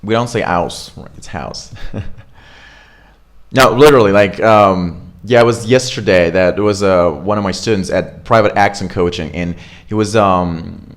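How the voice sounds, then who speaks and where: A man, coaching pronunciation in a relaxed, chatty way. He models words slowly one by one and keeps asking "right?" to check that his listeners follow. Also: on the low side. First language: Russian. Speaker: accent coach. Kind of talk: casual pronunciation lesson.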